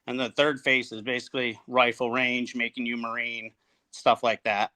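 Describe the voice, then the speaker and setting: A man in his forties from upstate New York, a Marine veteran recalling his service in a halting, plainspoken way, full of fillers and restarts. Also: mid-range voice, flat delivery, bright, forceful tone. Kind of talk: casual interview storytelling.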